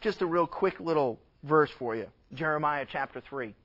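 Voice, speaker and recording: A man preaching a sermon as a pastor, earnest and emphatic, sometimes dropping to a hush. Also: a little high, lively intonation, normal speed, muffled recording.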